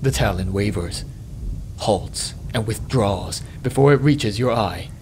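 Man reading game text, slow and dramatic. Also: noisy background. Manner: measured dramatic reading, dropping low and slow on ominous lines. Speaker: let's play host.

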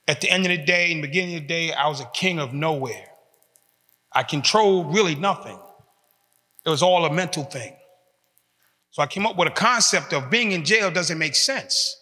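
A man's voice: on the high side, expressive, normal speed, pauses often, bright, forceful tone. A man, giving an emphatic motivational talk built on repeated short phrases. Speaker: speaker giving a talk to prisoners. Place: large hall in a prison. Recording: long reverb of a large hall.

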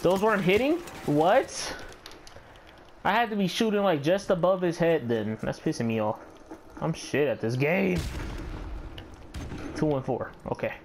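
A man's voice: fairly high pitch, a little slow, pauses often, noisy background. A man giving casual, profane gameplay commentary, muttering to himself and running himself down as he plays. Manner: muttering, profane, self-critical. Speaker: gamer and channel host. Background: background music.

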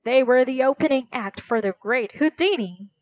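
A woman's voice: high voice, moderate pace, a little mellow, no echo, voice pushed up, lightly acted. A woman voicing a frantic, fussy middle-aged male theater manager who wails and panics. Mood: wailing. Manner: panicky, wailing, dramatic.

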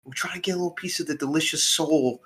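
A man voicing a pushy, foul-mouthed little flump hustler in a high, shouty voice. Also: fairly even intonation, fast, natural voice.

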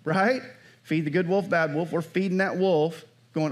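A man preaching a sermon, with a slightly higher voice than most men. He talks to the congregation in a loose, conversational way and keeps checking in with call-and-response prompts. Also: fairly even intonation, moderate pace. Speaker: pastor.

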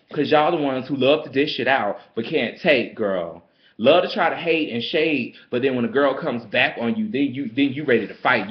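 Here the vlogger's voice sits in the mid range, with the highs cut off. He rants through a casual storytime, dramatic and sassy, addressing the listener as "girl" and "honey."

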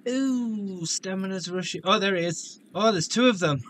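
Playful high-voiced man commenting on a game. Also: moderate pace, hardly any pauses, fairly bright tone, a little hiss or hum. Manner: joking, playful, with silly voices and outbursts. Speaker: gaming video host. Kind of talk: let's play commentary.

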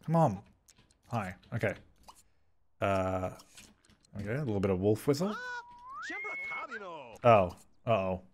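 A man hosting a gaming video, giving excitable let's play commentary, fretting aloud and talking at the characters on screen. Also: fairly low pitch, slow, pauses often, a little hiss or hum. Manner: excitable, frets aloud and talks at the game characters.

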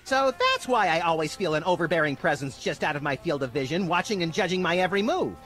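A man's voice: on the high side, lively intonation, fast talker, lightly acted. A man in a meme clip musing paranoidly about being watched. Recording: clip over loud music.

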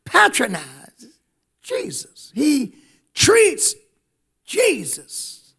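High-voiced male preacher. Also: huge pitch swings, drawn-out words, vocal fry, bright, forceful tone. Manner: emphatic, engages the congregation. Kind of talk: sermon.

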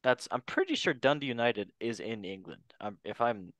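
A man's voice: mid-range voice, lively intonation, normal speed, fairly bright tone, no echo. A man hosting a casual panel chat, joking and laughing often as he reads out a list. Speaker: host.

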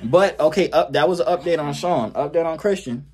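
A man's voice: a little high, a little fast, darkish tone. A young man hosting a casual vlog on a phone camera, teasing the people around him and laughing often. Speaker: vlogger host.

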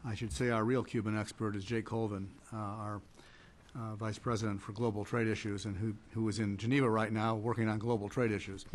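A man giving conference panel remarks as a trade policy advocate, measured and hesitant with many fillers and restarts. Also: lowish voice, flat delivery, slight background noise.

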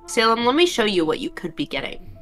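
A woman's voice: mid-range voice, very animated, brisk, fairly bright tone, soft background music. A young woman playing along on a game stream, bantering and teasing in a playful way. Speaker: co-player. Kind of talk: casual gaming livestream chat.

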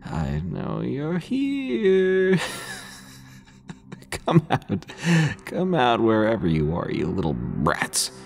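A man voicing a drunk, menacing stalker who speaks in a slow, drawn-out, taunting way. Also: mid-range voice, huge pitch swings, vocal fry, a little mellow, faint music behind, exaggerated voice.

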